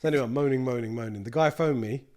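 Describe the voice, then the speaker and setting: Man, London accent, casual guest, slangy, lively storytelling, average pitch. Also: very fast. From East London. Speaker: guest, snack brand co-founder.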